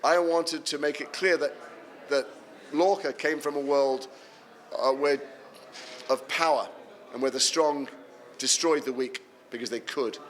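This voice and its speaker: An English man, an actor answering fan questions at a convention panel, telling animated, self-deprecating stories. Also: fairly high pitch, measured pace, pauses often. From England. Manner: animated anecdotal storytelling, self-deprecating humour.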